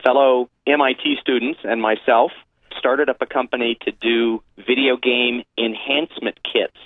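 A man's voice: mid-range voice, steady tone, moderate pace, no echo. Man on a tinny phone line. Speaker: guest. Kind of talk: casual phone interview.

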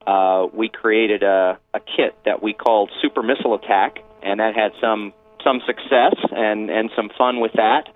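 Male call-in guest, relaxed storyteller, phone-line sound. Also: lowish voice, moderate pace, hardly any pauses, a little hiss or hum. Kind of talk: casual phone interview.

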